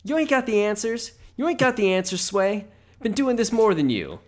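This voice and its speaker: A man's voice: high-pitched, very animated, normal speed, voice pushed up. A man doing an impression of a famous boastful rapper, ranting and repeating himself. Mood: indignant. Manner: shouting, repetitive ranting.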